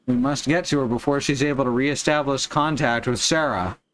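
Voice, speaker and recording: A pompous old-timey villain barking orders, as a man puts the voice on while reading game lines aloud. The delivery is stiff, theatrical and sits at an ordinary middle pitch. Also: fairly even intonation, brisk, fairly bright tone, a little hiss or hum, close to an everyday voice. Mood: commanding.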